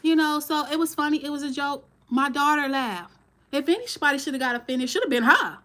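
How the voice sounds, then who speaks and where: A woman's voice: sits high, animated, a little fast, bright, forceful tone, slight background noise. A woman in her forties hosting a live stream, talking bluntly and straight to her viewers. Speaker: channel host.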